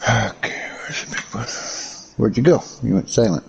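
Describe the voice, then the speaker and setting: A man's voice: on the low side, moderate pace, creaky, muffled recording, a little hiss or hum. A man chatting casually while he paints, cracking crude jokes and swearing freely. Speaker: hobbyist painting miniatures. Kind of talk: casual chat while working.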